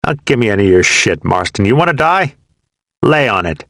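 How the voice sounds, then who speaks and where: A hard-bitten young Marine, as a man reads him, barking curt, scornful words in a low, gravelly voice. The read is close and dry, with little of the room heard. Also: sing-song, fairly quick, a bit bright, no room sound. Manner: gruff, curt and contemptuous. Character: hardened young male Marine, callous and scornful.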